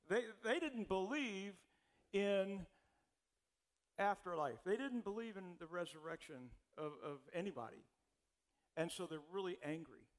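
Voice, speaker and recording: A man's voice: sits high, a bit bright. A man preaching a sermon as a pastor in a casual, conversational way, often repeating words as he starts sentences.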